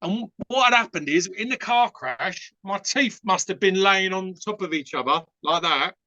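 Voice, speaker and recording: A man's voice: high voice, normal speed, bright, forceful tone, no room sound, lo-fi sound. Essex man telling stories frankly. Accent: Essex English. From England. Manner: rambling, frank, with many fillers and acted-out quotes. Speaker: podcast guest. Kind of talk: casual storytelling.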